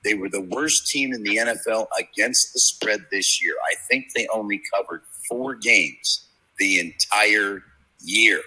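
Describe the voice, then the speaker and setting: Brief: profane fifties sports bettor, bright forceful voice with husky grit, rambling yarns. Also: male voice, lowish voice, a little slow, poor audio. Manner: brash, profane, rambling storyteller. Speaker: sports handicapper guest. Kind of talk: casual podcast chat, storytelling. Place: media row at a sports event.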